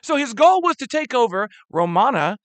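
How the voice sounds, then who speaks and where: High voice guy teaching history class, super casual and slangy, keeps saying guys, bright voice. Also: normal speed, no echo. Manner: animated, slangy, addresses students as guys.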